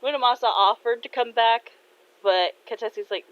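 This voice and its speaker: A woman with a fairly high voice casually reads her own fan fiction aloud at a moderate pace. She sounds hesitant, using many fillers and "he's like" asides. The recording is dull and lo-fi.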